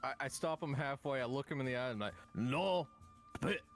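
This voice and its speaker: A man's voice: medium pitch, very fast, fairly bright tone, faint music behind. A man playing a tabletop game, casually describing his character's actions. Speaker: player.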